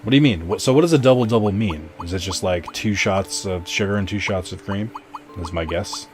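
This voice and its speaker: A man's voice: sits low, brisk, music in the background. A man streaming a game and chatting with viewers in a rambling, casual way, full of fillers and restarts. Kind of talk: casual live-stream chat while gaming.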